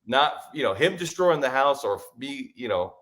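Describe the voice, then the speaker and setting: A man's voice: mid-range voice, expressive, moderate pace, fairly bright tone. A man co-hosting a podcast, telling stories in a laid-back, chuckling way. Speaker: podcast co-host. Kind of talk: casual podcast chat.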